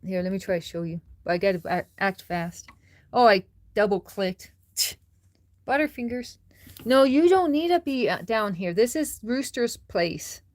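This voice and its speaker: Laughing a lot as she reads viewer comments, a livestream host chats casually at a measured pace, her mid-range voice full of lively intonation.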